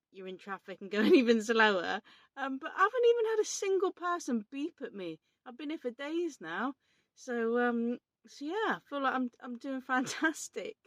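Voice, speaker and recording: A woman's voice: mid-range voice, no room sound. A woman talking casually to camera from inside her camper van, chatty and swearing freely. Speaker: vlogger. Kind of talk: casual vlog chat.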